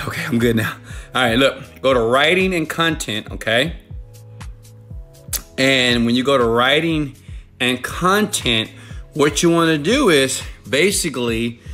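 A man giving an energetic sales-pitch monologue to viewers. He is pushy and emphatic, repeats punchy phrases, and keeps checking in with "okay?" and "right?". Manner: repetitive, punchy hype phrasing. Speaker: online money-making presenter.

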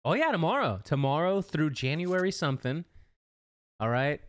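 A man's voice: on the high side, big pitch swings, normal speed, no room sound, clean studio sound. A man co-hosting a podcast in casual political chat, sarcastic, laughing easily and swearing freely. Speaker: podcast co-host.

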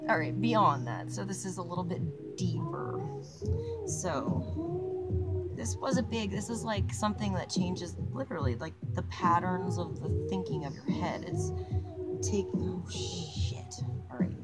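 A woman's voice: mid-range voice, sing-song, a little slow. A young woman vlogger chatting casually while she crafts, laughing often, swearing and poking fun at herself, outdoors on a mountain. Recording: loud music playing behind. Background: loud music.

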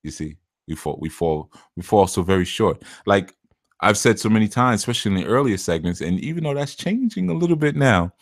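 Male spiritual teacher, casual and chatty, low voice, dry close recording. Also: lively intonation, fairly quick, no room sound. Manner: conversational, laughs often, puts on voices for quotes. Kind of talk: casual talk to listeners.

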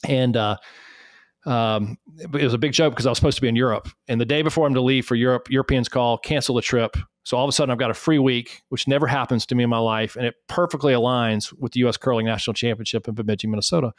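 A man from South Carolina with a Southern US accent, a podcast guest telling animated, self-deprecating anecdotes. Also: medium pitch, quick pace, no echo, studio quality. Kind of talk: storytelling in a podcast interview.

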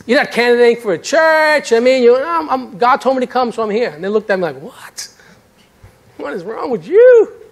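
Middle-aged pastor guy, high voice, animated and kinda self-deprecating, preaching in church. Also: quick pace, hardly any pauses. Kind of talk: sermon with personal testimony. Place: church sanctuary.

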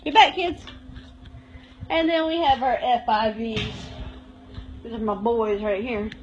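Lady w a high voice baby-talking to cats on a slow shelter tour, phone audio a bit muffled w faint hiss. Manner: coos and baby-talks to cats. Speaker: cat shelter tour guide. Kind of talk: live-streamed shelter tour. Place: indoor cat shelter.

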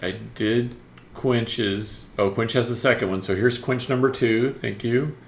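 A man's voice: medium pitch, fairly even intonation, a little slow, gravelly, echoey room, slight background noise. A man co-hosting a live drawing stream in casual chat, joking easily and greeting viewers while he works. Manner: easygoing, jokey, greets viewers. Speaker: co-host and artist drawing live.

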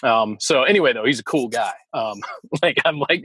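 A man co-hosting a podcast in casual chat, animated and laughing often. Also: medium pitch, normal speed, breathy edge, dry recording, rough recording. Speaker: podcast co-host.

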